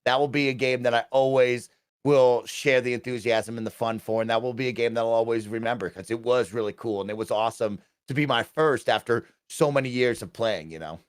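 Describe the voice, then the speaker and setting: A man's voice: medium pitch, clear, resonant tone, no echo. Hyped young guy chatting about games, keeps saying right?, dry sound. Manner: enthusiastic, fast, peppered with "right?". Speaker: guest. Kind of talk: casual chat.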